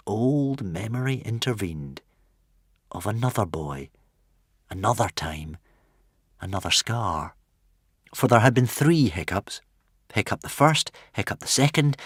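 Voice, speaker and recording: A man narrating a fantasy audiobook in an expressive, dramatic way. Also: lowish voice, no room sound, studio quality. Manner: dramatic, varied delivery.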